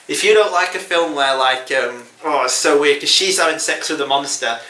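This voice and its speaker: A man's voice: fairly high pitch, normal speed, sharp tone, echoey room, recorded from a distance. A man hosting a casual film review chat, rambling and chuckling often. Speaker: film review podcast host.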